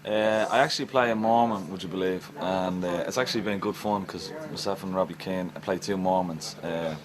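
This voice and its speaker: A man's voice: deep voice, a little fast, crowd noise, rough recording. An Irish actor chatting on set about his part, easygoing and rambling. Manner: easygoing, rambling, lots of fillers. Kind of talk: casual interview.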